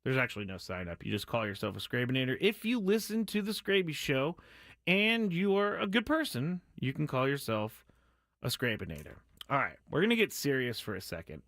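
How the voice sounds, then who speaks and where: A man hosting a casual sports talk show, excitable and rambling, apologizing and joking with his audience. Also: fairly high pitch, no room sound. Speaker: podcast host.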